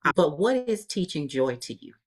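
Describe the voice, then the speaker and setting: A woman hosts a podcast interview and asks her guest questions. She sounds encouraging and keeps her replies short. Her voice is very low for a woman. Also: very animated, moderate pace, slightly rough. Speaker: podcast host.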